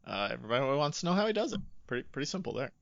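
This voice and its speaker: A man's voice: mid-range voice, very animated, racing, creaky, no room sound, highs cut off. A man co-hosting a podcast, chatting casually and animatedly as he breaks down rap lyrics, swearing freely. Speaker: podcast co-host.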